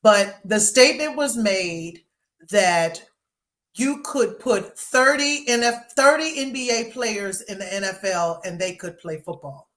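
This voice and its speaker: A woman co-hosting a sports podcast, talking in an animated, emphatic, mocking way. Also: medium pitch, a little slow. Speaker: podcast co-host. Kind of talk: casual sports chat.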